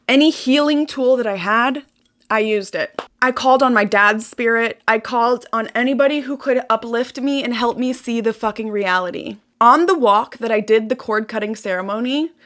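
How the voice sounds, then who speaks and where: A woman's voice: on the high side, a bit bright. A young woman vlogger venting to her viewers in an intense, emotional monologue, swearing and repeating phrases for emphasis.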